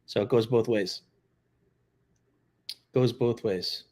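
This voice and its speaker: A man's voice: lowish voice, fairly even intonation, takes it slowly, darkish tone. Offhand, blunt male livestream host. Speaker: retired law enforcement livestream host. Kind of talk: casual livestream chat, answering viewer comments.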